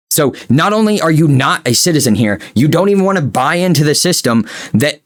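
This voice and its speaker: A young American YouTube commentator rants with sarcasm and exasperation, lurching between loud outbursts and quiet mutters.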